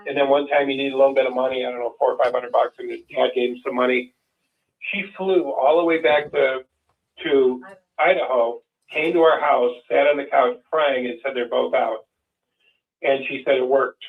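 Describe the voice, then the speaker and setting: A man's voice: medium pitch, little pitch movement, moderate pace. A man co-hosting a call-in show, telling a long story in a rambling, folksy way with many restarts. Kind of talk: casual storytelling chat. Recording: distant, phone-like lo-fi sound.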